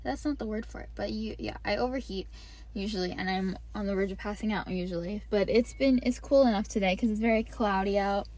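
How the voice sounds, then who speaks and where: A young woman hosts her podcast from her parked car, chatting casually in a rambling, easily sidetracked way and swearing freely. Her voice is medium-pitched, a little mellow, and fairly quick.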